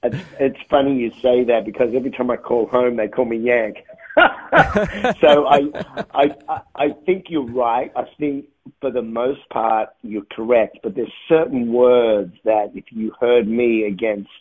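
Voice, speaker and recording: A man with an Australian accent softened by years in America, a touring musician rambling easily through a phone interview. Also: medium pitch, fairly even intonation, measured pace. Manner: rambling, restarts often, laughs easily. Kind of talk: phone interview, thinking aloud. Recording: tinny phone line, husky.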